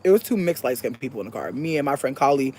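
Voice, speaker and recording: A young adult podcast host telling a story in a casual, profane way, moving from soft-spoken to shouting. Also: medium pitch, expressive, fast talker, breathy edge.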